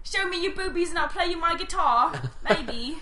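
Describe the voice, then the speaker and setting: A woman's voice: very high-pitched, animated, moderate pace, roomy sound, background noise, voice pushed up. A woman imitating a smug, flirty male celebrity in a mocking, giggly way. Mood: teasing.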